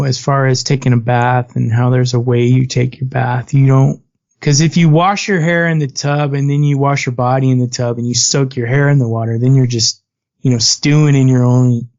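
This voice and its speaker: A man's voice: medium pitch, fairly even intonation, moderate pace, a little mellow. A man co-hosting a casual podcast, sarcastic, telling a family story. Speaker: podcast co-host. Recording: dull lo-fi podcast audio.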